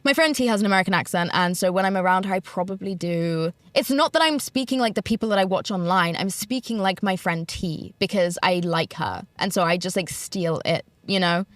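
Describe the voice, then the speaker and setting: A woman's voice: medium pitch, a little fast, few pauses, dry recording. A young British woman in her twenties hosting a solo podcast from inside a parked car, rambling and self-deprecating and packing her talk with fillers. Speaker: podcast host. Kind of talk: casual solo podcast chat.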